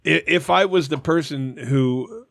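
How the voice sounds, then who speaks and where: A man in his forties co-hosts a crude comedy podcast and tells his stories bluntly, with plenty of swearing. His voice sits a bit high for a man. The recording is dry and close. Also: a little slow, gravelly, a bit bright, no room sound. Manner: blunt, profane storytelling. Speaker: podcast co-host. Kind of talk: crude casual chat.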